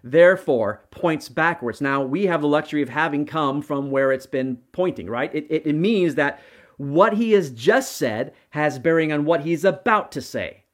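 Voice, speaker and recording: A middle-aged man preaches a sermon with a slightly high voice. He talks earnestly, restarts phrases and checks in with the congregation by asking "right?" again and again. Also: lively intonation, moderate pace. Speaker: pastor.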